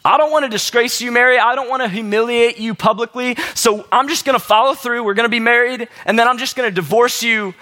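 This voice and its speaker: A man's voice: very high-pitched, fast, few pauses, sharp tone. A man voicing a laid-back young man, Joseph, in slangy casual talk. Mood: resolved. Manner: slangy, easygoing street talk.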